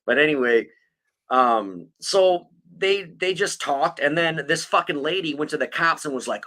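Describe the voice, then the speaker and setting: A man hosts a casual podcast, swearing freely and mocking as he rambles through a story. His voice sits a bit high and swings widely in pitch, with a bright, forceful edge. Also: animated, measured pace. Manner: profane, blunt and mocking; rambling with many fillers. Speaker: podcast host. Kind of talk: casual true-crime chat.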